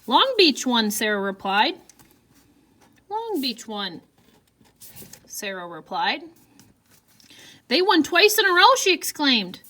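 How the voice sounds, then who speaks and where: A woman's voice: a little high, fairly bright tone. A woman teacher giving a writing lesson, reading example sentences aloud and talking through her writing step by step. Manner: reads quoted lines in a lifted voice.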